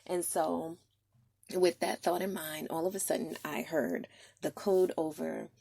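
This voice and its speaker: A woman's voice: fairly low pitch, fairly even intonation, measured pace, creaky, dark tone, husky, no room sound. A woman podcast host telling a personal story in an earnest, heartfelt way, with frequent ums.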